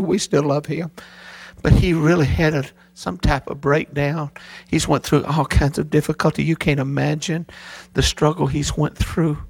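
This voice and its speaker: Middle-aged man, pastor, gravelly and fairly high-pitched, emotional storytelling sermon. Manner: emotional storytelling preacher, voice rising high when stirred.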